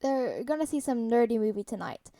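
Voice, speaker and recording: A woman's voice: fairly high pitch, animated, brisk, dark tone, no echo. A woman reading the lines of a dry, mocking teenage girl in a story read aloud. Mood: sardonic.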